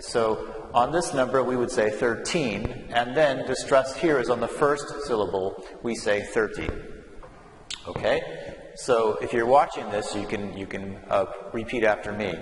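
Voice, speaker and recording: A man teaching English numbers, speaking patiently and drilling words for listeners to repeat in a classroom. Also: medium pitch. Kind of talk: slow classroom explanation. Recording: echoey room with long reverb and faint hum.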